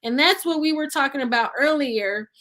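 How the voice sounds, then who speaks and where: A woman's voice: high voice, moderate pace, a bit bright. A woman hosting a casual live stream, chatting with viewers and reading their comments aloud, calling them "y'all" and laughing often. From Nashville, Tennessee resident. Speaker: livestream host.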